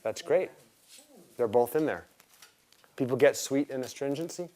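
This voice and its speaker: Male herbalism teacher, mid-pitched, casual and enthusiastic, quizzing a live class. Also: moderate pace, mellow. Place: classroom with students.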